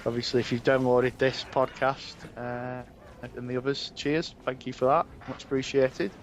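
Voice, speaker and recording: A man's voice: medium pitch, little pitch movement, moderate pace, slight background noise. A man co-hosting a casual podcast, chatty and full of fillers. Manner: chatty, leans on "obviously" and "um". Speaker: podcast co-host.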